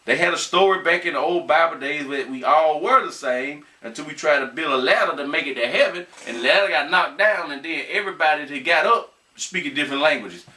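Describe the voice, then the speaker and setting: A small YouTuber, a folksy man with a bright voice on the high side, reads news aloud and comments on it casually, addressing viewers as "y'all." His reading is slow and halting. The recording is echoey and roomy, with the mic placed at a distance.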